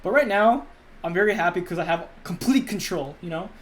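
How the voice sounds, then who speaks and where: Young man, casual stream chat, rambling, lively pitch, many restarts. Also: a little fast. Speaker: YouTube animator and voice actor.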